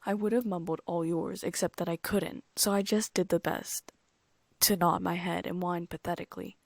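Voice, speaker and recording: A woman narrates a first-person audiobook with a gravelly, fairly low voice. She is breathy and often sinks into a whisper. The recording is dry and close. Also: steady tone, normal speed, no room sound.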